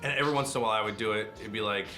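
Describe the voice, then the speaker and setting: A middle-aged man, a voice actor, telling animated stories in a casual interview. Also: lowish voice, soft background music. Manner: fast, animated anecdotes with quick asides.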